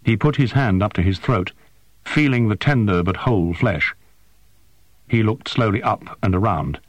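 A man narrating a science-fiction story in a measured, expressive way. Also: on the low side, dry recording. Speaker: audiobook narrator. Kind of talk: scripted narration.

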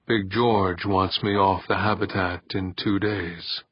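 A man's voice: sits low, slow, husky, no echo, dull audio, heavily acted. A man reading an audiobook, voicing a terse half-machine cyborg man who speaks curtly. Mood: flat. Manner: curt, flat.

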